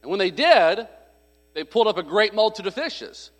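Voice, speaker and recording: A man's voice: high voice, big pitch swings, brisk. A man preaching a sermon, telling a story in a conversational, humorous way and acting out the voices of people he quotes. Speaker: pastor. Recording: long hall reverb.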